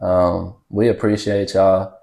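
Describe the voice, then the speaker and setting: A man's voice: deep voice, level tone, slow, creaky, dark tone. A man co-hosting a podcast in casual chat, speaking earnestly and repeating himself to land his points. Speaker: podcast co-host.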